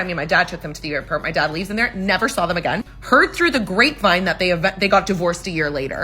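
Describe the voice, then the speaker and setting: A woman in her thirties spills an old family story at a rapid clip. Her voice is bright and forward, and she acts out everyone's lines with casual swearing. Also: mid-range voice. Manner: gossipy, animated, acts out quotes, swears.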